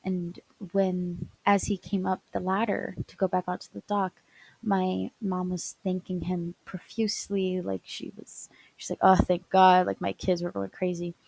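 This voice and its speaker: A woman's voice: on the low side, flat delivery, unhurried, creaky, warm tone, breathy edge, no echo, poor audio. A young woman narrating a personal childhood story for a class project, stumbling and restarting often and sometimes dropping to a whisper. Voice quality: stutters often, many fillers and restarts. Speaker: student storyteller.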